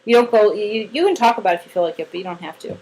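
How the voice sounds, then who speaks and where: A woman's voice: mid-range voice, racing, darkish tone, slight background noise, poor audio. A woman giving a casual one-on-one training session to a new team member, chatty and demonstrative as she acts out examples.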